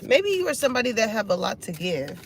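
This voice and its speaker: A woman's voice: on the high side, big pitch swings, quick pace, slight background noise. A woman giving a casual tarot reading, laughing often and swearing freely. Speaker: tarot reader.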